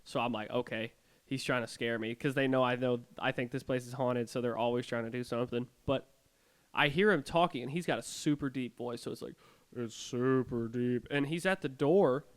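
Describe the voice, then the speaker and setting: A young man co-hosting a podcast, telling his ghost stories in an animated way with sarcastic jokes. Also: mid-range voice, a little fast. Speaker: podcast co-host.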